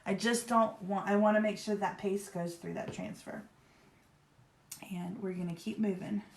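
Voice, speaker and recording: A craft livestream host from Virginia chats in an upbeat, rambling way during a casual live demo, saying "y'all" and "like" a lot. Her middle-pitched voice is creaky and somewhat dark, steady in tone at a normal speed. The room echoes noticeably, with slight background noise.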